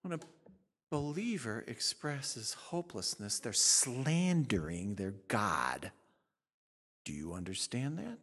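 A male pastor preaching a sermon, swinging from loud, fiery emphasis to hushed, low asides. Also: sing-song, slow, breathy edge, in a large hall.

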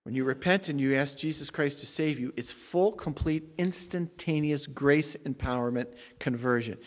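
Male pastor, somewhat high voice, emphatic sermon delivery with loud peaks and hushed asides, long hall reverb. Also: normal speed. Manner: emphatic preaching, swings from loud declarations to quiet asides.

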